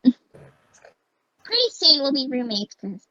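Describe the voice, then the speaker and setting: Amy, a woman voicing a gentle lovelorn hedgehog girl. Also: a little high, fairly quick, no room sound, lo-fi sound. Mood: earnest. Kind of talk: amateur voice acting of a fan drama.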